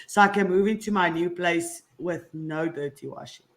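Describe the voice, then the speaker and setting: A woman co-hosting a casual morning show, throwing in quick teasing quips. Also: on the low side. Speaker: co-host.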